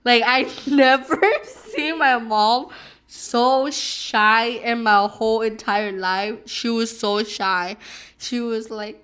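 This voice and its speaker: A woman's voice: a little high, steady tone, slow pace, a bit bright, smooth. A young woman vlogger at home, casually telling a long personal story while eating, rambling with many fillers and restarts.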